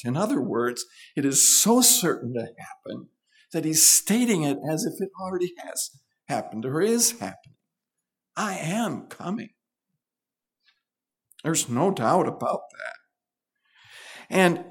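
Emphatic male preacher teaching scripture. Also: medium pitch. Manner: earnest, emphatic teaching with rising stresses. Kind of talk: sermon.

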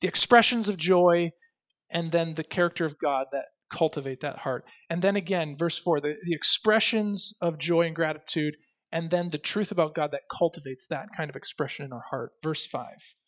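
A pastor preaching a sermon, emphatic, slowing down to stress key phrases and swinging between loud and soft. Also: male voice, a little high. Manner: reads scripture aloud with expression.

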